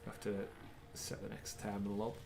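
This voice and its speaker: A man's voice: on the low side, monotone, normal speed, vocal fry. A man co-hosting a livestream, chatting casually and calling out the action as he plays a shooter game. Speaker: livestream co-host. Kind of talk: casual gameplay commentary.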